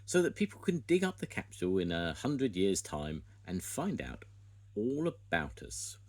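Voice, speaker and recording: A man's voice: sits low, sing-song, moderate pace. An older man reading a storybook aloud, voicing a helpful young woman builder who explains plans eagerly. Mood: explaining.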